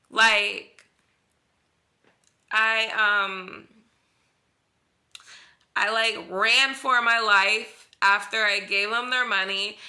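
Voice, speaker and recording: A young woman telling a personal story in a vlog, acting out the dialogue and using lots of fillers. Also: mid-range voice. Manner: animated retelling, acts out dialogue, filler-heavy.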